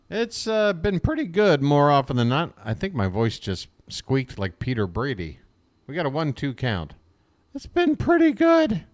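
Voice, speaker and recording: A man calls a baseball game live for a stream in a mid-range voice. He wisecracks and chats with his viewers between pitches, switching easily from the count to the banter. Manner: chatty, wisecracking, talks to viewers in chat. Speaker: fan play-by-play commentator.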